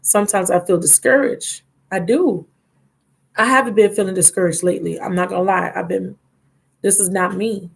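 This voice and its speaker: A woman's voice: medium pitch, fairly even intonation, moderate pace, vocal fry, husky. A woman giving a live tarot reading, chatty and affectionate, reading card texts aloud. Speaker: tarot reader.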